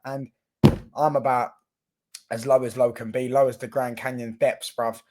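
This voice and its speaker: Ranting football fan vlogger. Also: male voice, mid-range voice, little pitch movement, normal speed, darkish tone. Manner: ranting, repetitive, swears freely. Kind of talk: casual ranting commentary.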